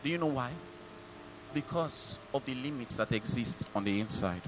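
A man's voice: mid-range voice, lively intonation, moderate pace, a bit bright, a little hiss or hum, rough recording. A male pastor with a Nigerian English accent preaching a sermon, mimicking people and asking the congregation rhetorical questions.

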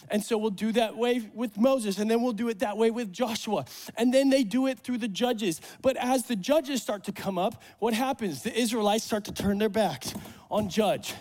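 A man preaching a sermon at a church service, animated and joking, acting out the voices in the Bible stories. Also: sits high, normal speed. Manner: animated, acts out Bible voices, jokes with congregation. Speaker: pastor.

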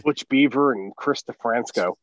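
A man co-hosting a casual movie podcast, throwing in deadpan quips and jokey asides. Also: mid-range voice, normal speed, dry recording, lo-fi sound. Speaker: podcast co-host. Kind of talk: casual movie-review chat.

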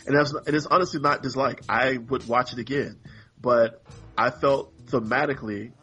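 A man's voice: medium pitch, fairly quick, bright, forceful tone, slightly rough, faint music behind. A man co-hosting a podcast in casual chat, rambling and exasperated, acting out characters in mock voices. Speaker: podcast co-host.

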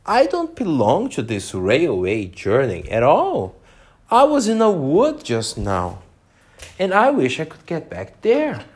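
A man's voice: fairly high pitch, wildly swooping pitch, slow pace, voice pushed up, heavily acted. A man voicing a polite, earnest young girl who grows impatient, raising his voice to sound girlish.

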